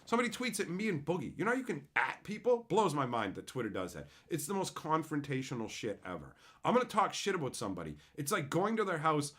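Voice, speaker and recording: A man's voice: big pitch swings, fast talker, hardly any pauses, fairly bright tone. A man hosting a livestream, ranting in a profane, mocking way and reading out chat. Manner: abrasive, mocking, swings into high sarcastic impressions. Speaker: livestream host.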